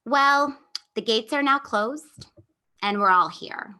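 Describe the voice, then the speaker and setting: A woman's voice: fairly high pitch, slow pace, bright, forceful tone, clean tone. A woman emceeing a comedy showcase, closing her set and introducing the next performer. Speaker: show host introducing performers.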